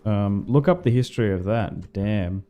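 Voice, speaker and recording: A man's voice: on the low side, normal speed, dull audio. A young Australian man chatting casually and rambling while streaming a game. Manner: rambling, laid-back, slangy. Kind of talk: casual livestream chat over gameplay.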